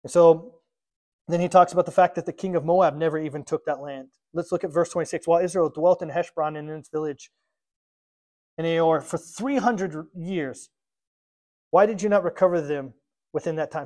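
A man's voice: on the high side, steady tone, moderate pace, darkish tone. A man preaching a sermon, reading scripture aloud and explaining it, acting out the quotes in a casual modern voice. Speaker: pastor.

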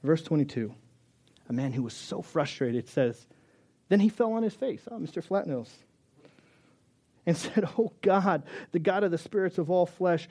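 Dramatic preacher, slightly high voice. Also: male voice, expressive, normal speed, slightly rough. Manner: dramatic, acts out quotes of God and Moses, shifts loud to soft; casual asides mixed with scripture reading. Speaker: pastor. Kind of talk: sermon.

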